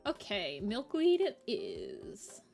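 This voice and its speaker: While drawing on stream, a young adult woman chats loosely with her viewers, rambling and using many fillers. Her gravelly, mid-range voice is slow and swings hugely in pitch, with soft background music underneath.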